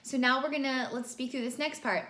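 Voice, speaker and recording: A woman teaching a singing lesson, explaining vowels clearly and demonstrating them by singing. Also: sits high, steady tone, a little fast, sharp tone. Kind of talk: vocal lesson with sung examples. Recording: roomy sound with faint music behind.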